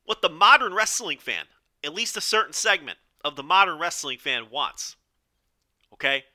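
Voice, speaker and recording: A man hosting a solo podcast, talking in a bright, forceful voice that sits a little high for a man. He rambles through his opinions, tossing in "okay?" and restarting sentences. His voice is strained and hoarse. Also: big pitch swings, moderate pace. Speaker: podcast host.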